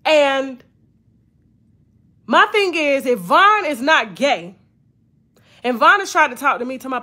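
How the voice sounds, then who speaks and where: Woman host, high voice, bright tone, profane heated gossip commentary. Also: very animated, unhurried, pauses often. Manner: profane, emphatic, repeats for emphasis.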